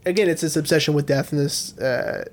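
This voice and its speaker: A man's voice: a little high, fairly quick, slight background noise. A young man co-hosting a casual movie podcast, musing and hedging as he analyzes. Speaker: podcast co-host.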